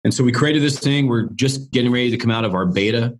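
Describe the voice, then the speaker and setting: A man's voice: medium pitch, fast. A man being interviewed as a business coach, telling a story in a rambling, chatty way full of restarts. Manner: rambling, chatty, with many restarts and "you know".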